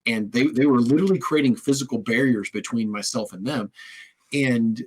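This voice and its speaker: Husky man telling stories on a podcast. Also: medium pitch, moderate pace. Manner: animated storyteller, acts out quoted voices. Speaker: podcast host. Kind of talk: storytelling in casual conversation. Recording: husky, occasionally crackly audio.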